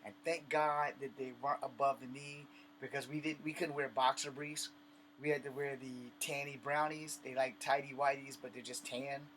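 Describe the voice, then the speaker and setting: A man's voice: mid-range voice, level tone, moderate pace, fairly bright tone, slight background noise. A man ranting and telling a story to camera in blunt, profane, conversational talk. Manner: conversational, acts out the scene. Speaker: vlogger. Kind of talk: casual rant and storytelling to camera.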